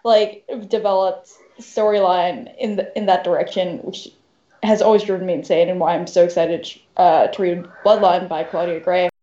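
Animated woman podcast co-host, echoey audio. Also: lowish voice, moderate pace. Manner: animated, laughs often. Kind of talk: casual podcast chat. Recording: echoey, dull lo-fi room audio.

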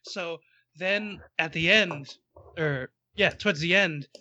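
A man's voice: fairly high pitch, slow pace, pushed and bright, lo-fi sound. A man on a casual podcast, animatedly retelling a story and acting out what people said. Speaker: podcast co-host. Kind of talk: casual book-club chat.

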